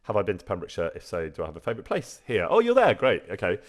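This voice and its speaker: A man's voice: fairly low pitch, huge pitch swings, very fast. A man, chatting casually on a live stream and answering viewer questions, self-deprecating and laughing often. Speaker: streamer and actor.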